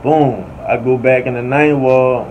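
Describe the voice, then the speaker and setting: A man's voice: mid-range voice, fairly even intonation, measured pace, darkish tone. A man with a New Orleans accent telling a story casually, full of slang and constantly asking "you hear me". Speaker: podcast storyteller. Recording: slightly dull audio with faint air conditioning hum.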